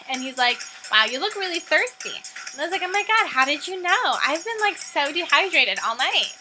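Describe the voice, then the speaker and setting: A woman's voice: on the high side, sharp tone, rough recording. A woman telling a comic story in a vlog, in a sassy, gossipy valley-girl manner with constant "like" fillers and crude swearing. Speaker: vlogger.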